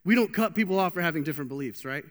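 A man's voice: a little high, racing. A young man preaching a casual, joking sermon with lots of restarts, in a church hall. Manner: animated, joking, with many restarts. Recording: long hall reverb.

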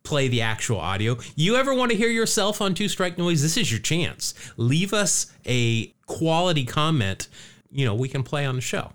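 A man's voice: on the high side, sing-song, normal speed, fairly bright tone. A man hosting a casual podcast, joking around and rambling, with a lot of fillers and restarts. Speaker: podcast host.

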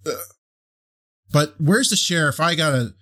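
A harried small-town mayor with a folksy Midwestern lilt, voiced by a man, tripping over his words and huffing in exasperation. His voice sits a little above the performer's usual pitch. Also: lively intonation, measured pace, a bit bright. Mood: exasperated. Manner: hesitant, exasperated, stammering. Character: flustered middle-aged male town mayor.

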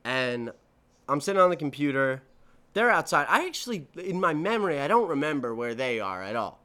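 On his own podcast, this twenty-something man spins stories in a rambling, foul-mouthed way, often self-correcting. His voice is on the high side with a sharp tone, very animated and brisk.

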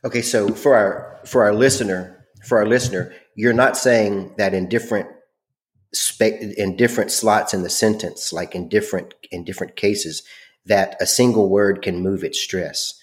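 A man's voice: lowish voice, steady tone, normal speed. A man hosting a podcast in casual chat, carefully restating points, with fillers. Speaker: podcast host.

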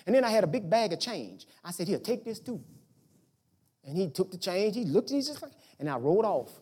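A man preaches a sermon and talks straight to his congregation in plain everyday words. His pitch swoops and leaps with lively energy. He climbs to loud, pressing emphasis and then sinks to near-hushed storytelling. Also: fairly quick, slightly rough. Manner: colloquial, emphatic, addresses congregation directly.

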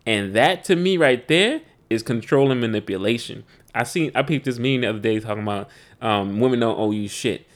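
A man's voice: mid-range voice, expressive, brisk. A man co-hosting a podcast in casual chat, laid-back and slangy, turning reflective. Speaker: podcast co-host.

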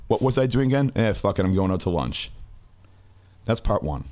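A man co-hosting a casual comedy podcast, reading long text messages aloud in a dry, steady way. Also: on the low side, normal speed, long pauses, dry recording. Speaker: podcast co-host.

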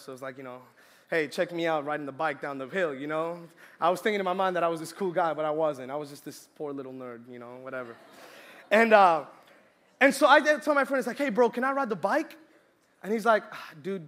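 Bright, high-voiced young male preacher. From Colombia. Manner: storytelling, lively, shouts and laughs in the story. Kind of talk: sermon.

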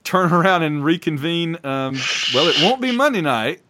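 A man co-hosting a sports podcast in casual chat, rambling and excitable, often breaking off mid-sentence. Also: a little high, normal speed. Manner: rambling, excitable, self-interrupting. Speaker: podcast co-host.

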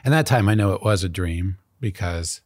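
A man's voice: deep voice, moderate pace, dry recording, clean studio sound. A man in his fifties from Arizona, hosting and earnestly telling his own childhood nightmares, livening up as he retells each scene. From Arizona, USA. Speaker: host. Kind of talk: reflective personal storytelling. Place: college campus.

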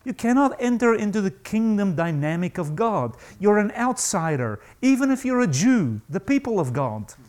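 A male pastor preaching a sermon to a congregation, emphatic and animated, acting out the voices he quotes. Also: high voice, moderate pace, hardly any pauses.

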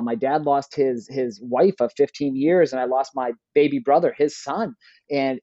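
A young adult man speaks as a podcast guest, telling his story casually with plenty of fillers. His voice is dark and mellow. The recording is dry and a little dull. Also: medium pitch, no room sound. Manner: casual, plain-spoken, many fillers. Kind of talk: candid personal storytelling.

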